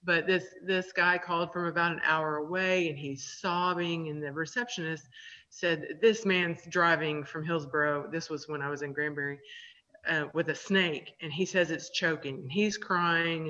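A woman's voice: sits low, steady tone, moderate pace, sharp tone. A woman veterinarian telling stories in a radio interview, chatty and laughing, with many ums and uhs. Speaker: veterinarian guest. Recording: dull lo-fi radio audio.

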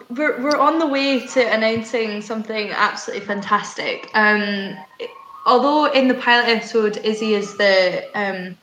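A woman's voice: medium pitch, bright, forceful tone. A young woman, an actor, chatting casually and giggly with lots of filler words. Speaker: actor, guest. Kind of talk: casual chat. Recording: roomy, faint noise.

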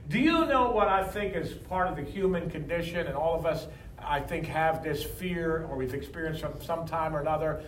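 Man, pastor, sermon, call-and-response, high voice, echoey church hall, faint background noise. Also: animated, normal speed, recorded from a distance. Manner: preaching with call-and-response to the congregation.

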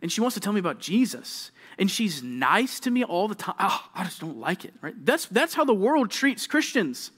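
A young adult man preaching a sermon to junior high students, animated, often acting out quoted kids and checking in with "right?" and "okay?". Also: moderate pace, hardly any pauses, breathy edge. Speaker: youth pastor.

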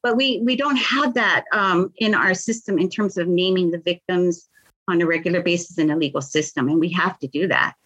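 A woman's voice: on the low side, brisk, a bit bright, husky, highs cut off. Impassioned middle-aged woman. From Hawaii. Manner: earnest, impassioned, repeats words. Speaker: victims' advocate, guest. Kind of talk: emotional interview storytelling.

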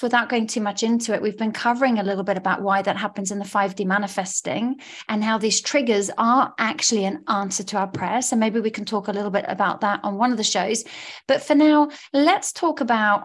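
A woman hosting a casual podcast as a coach, upbeat and gushing. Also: medium pitch. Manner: upbeat, gushing, warm encouraging patter. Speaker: podcast host, law of attraction coach. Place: studio.

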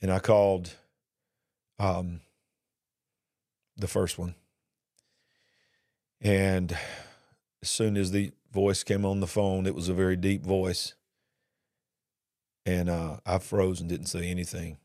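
Very deep-voiced man telling his story. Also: little pitch movement, darkish tone, no echo, studio quality. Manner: earnest, drawn-out emotional retelling. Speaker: speaker sharing his life story. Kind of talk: personal testimony storytelling.

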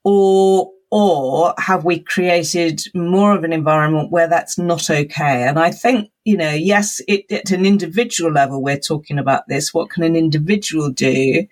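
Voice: mid-range voice, normal speed, few pauses. An expert guest in a conversational interview, explaining at length in a thoughtful, rambling way.

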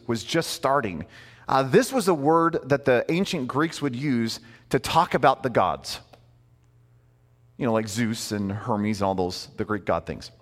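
A man preaching a sermon in a conversational, animated way, full of asides and rhetorical questions. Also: mid-range voice, big-room sound. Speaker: pastor.

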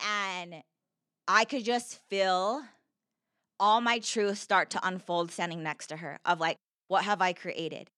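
A woman's voice: fairly low pitch, steady tone, slow, bright, forceful tone, no room sound, studio quality. A woman telling her personal story as a podcast guest, earnest and heartfelt, with lots of "like" fillers. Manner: earnest, heartfelt, heavy use of "like".

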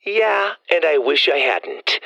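A man's voice: fairly high pitch, very animated, slow, creaky, pushed and bright, no echo, pitched above the performer's own voice, exaggerated voice. A man voicing a dry, sarcastic young woman cadet.

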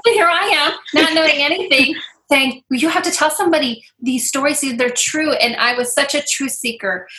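A woman's voice: high voice, normal speed, pushed and bright. A middle-aged woman from Iowa, earnestly telling her faith story as an interview guest, with many fillers. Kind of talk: personal testimony.

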